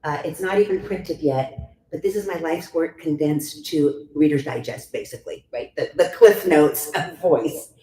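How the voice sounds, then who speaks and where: A middle-aged woman vocal coach leads a workshop in a chatty, demonstrative way. Her voice sits low and mellow. The room adds a roomy echo and a faint hum. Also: normal speed. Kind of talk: workshop teaching.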